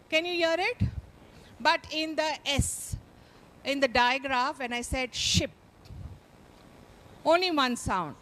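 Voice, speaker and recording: A woman with a high, light voice trains teachers in phonics. She speaks slowly and sounds out each phoneme, stopping often to quiz her class. She coaxes quiet listeners with playful, mock-pleading remarks. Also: lively intonation. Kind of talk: live phonics training session.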